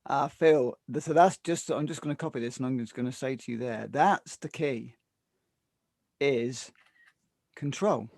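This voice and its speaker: A man co-hosting a talk show in casual conversation, animated and acting out what other people say to him. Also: medium pitch, a little slow, gravelly, no echo, clean studio sound. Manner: animated, mimics others in quoted asides. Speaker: podcast co-host.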